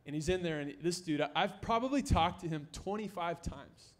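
A young man preaching a sermon in a church, joking with the congregation and rising to near-shouts to stress his points. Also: on the high side, expressive, moderate pace. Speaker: pastor. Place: church sanctuary.

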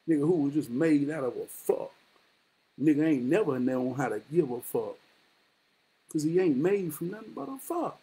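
A man holds forth in a casual, sermon-like monologue, looping back on his own phrases and swearing freely. His voice sits high for a man and swings widely up and down as he drives each point home. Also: very animated, normal speed, a little mellow, low-quality recording. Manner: profane, repetitive, rhetorical, street-preacher cadence. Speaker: vlogger giving life talks.

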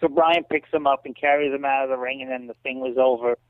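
Fast-talking with fairly even intonation, this former kickboxer and wrestling promoter tells animated stories in an interview. He still acts out the people he quotes with big pitch jumps, all over a tinny, dry, phone-like recording.

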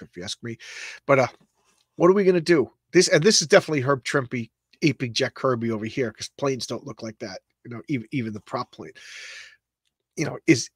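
A middle-aged man hosting a casual comics read-through, excitable and rambling with stammered repeats. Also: medium pitch, slightly rough, dry recording, clean studio sound. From Long Island, New York. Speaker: comics show host.

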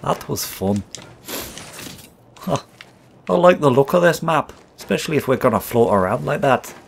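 A gravelly, mid-range voice with lively intonation carries this host's crude gamer act at a normal speed, taunting and trash-talking through gameplay commentary. He admits the accent is put on and not his own, and the talk is foul-mouthed and brash. There's noise in the background.

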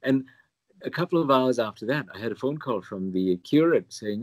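A man's voice: medium pitch, animated, fairly quick, no room sound. A man from Singapore with a somewhat posh British accent, a priest telling his story in an interview with self-deprecating chuckles. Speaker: priest, pilgrimage chaplain.

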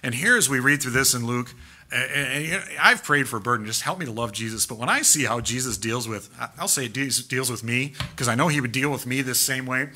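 Male pastor preaching hard in church, really punchy bright voice, lotta rhetorical questions. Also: medium pitch, a little fast. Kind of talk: sermon. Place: church sanctuary.

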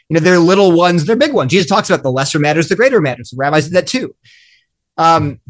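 A middle-aged man with a fairly high voice talks earnestly in a group discussion. He acts out small dialogues as he goes. He often restarts his sentences midway. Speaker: guest author. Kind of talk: animated discussion.

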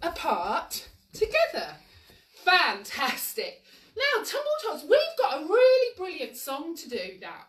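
A woman's voice: very high voice, wildly swooping pitch, measured pace, a bit bright. A woman leading a live-streamed movement class for toddlers, giving cheery, encouraging sing-song instructions to the children and their grown-ups. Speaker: children's exercise class leader. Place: room at home. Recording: echoey room, mic at a distance.

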